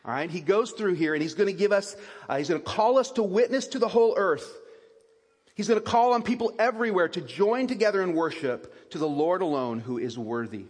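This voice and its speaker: A man's voice: high voice, animated, a little fast, breathy edge. A male pastor preaching a sermon, reading scripture aloud and then explaining it in a loose, self-correcting way. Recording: long reverb of a large hall.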